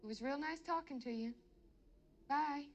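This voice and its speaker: A polite wife on the radio. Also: female voice, high voice, normal speed, a little hiss or hum. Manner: soft, courteous radio sign-off.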